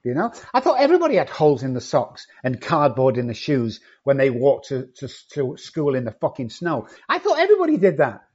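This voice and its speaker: A cocky, loud-mouthed man who swears freely and doesn't soften anything. His voice is husky, and the recording is a little dull and lo-fi. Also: mid-range voice, sing-song, a little fast, hardly any pauses. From not from England. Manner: profane, cocky and confrontational. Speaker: addiction treatment company owner. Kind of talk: blunt podcast conversation.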